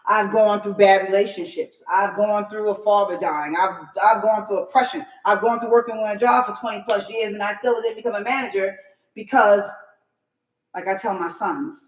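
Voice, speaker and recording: Speaking at medium pitch and an ordinary pace, this emphatic middle-aged New Yorker is a talk show guest spinning an animated story. She voices other people's lines herself, and the audio is poor with a roomy sound.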